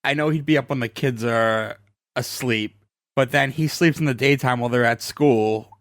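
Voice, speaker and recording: A blunt man needles his co-hosts and swears casually on a podcast. His voice sits at an ordinary pitch, and the recording is close and dry. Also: moderate pace, dry recording. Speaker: podcast co-host.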